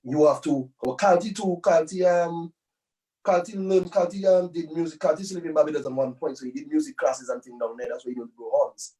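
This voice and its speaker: Male musician guest with a high voice, loose chatty storyteller, recorded a bit far from the mic. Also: fairly even intonation, a little fast, dark tone. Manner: loose, rambling, with many tag phrases. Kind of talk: casual storytelling interview.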